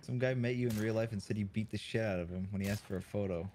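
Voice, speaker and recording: A man's voice: on the low side, quick pace, a little mellow, slight background noise. A young man gaming with friends over voice chat, joking sarcastically and laughing often.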